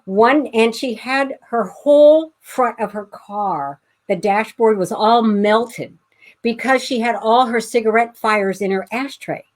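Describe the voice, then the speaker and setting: A woman's voice: on the high side, slow pace. A middle-aged woman from Pasadena, a guest author, telling a family anecdote in casual conversation with many fillers and restarts. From Pasadena, California.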